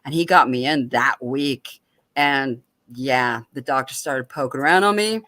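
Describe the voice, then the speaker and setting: A woman on an open mic show, telling a personal story in a lively, animated way and often laughing. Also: very deep voice, a little slow, dry recording.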